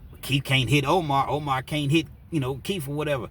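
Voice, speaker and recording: A man's voice: medium pitch, a little fast, slightly rough. A man telling a story in a casual, slangy way, acting out what people said. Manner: animated, slangy, acts out quotes.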